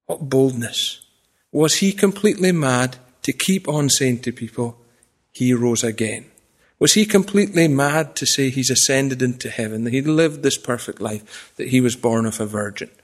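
A man preaching a sermon to his congregation. He swings from raised, declaiming passages to quiet, confiding asides, with self-deprecating humour. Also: medium pitch, lively intonation, normal speed. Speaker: pastor.

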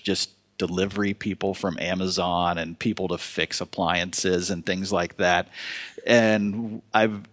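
Folksy pastor, lively sermon. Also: male voice, on the low side. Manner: folksy, animated, with playful asides.

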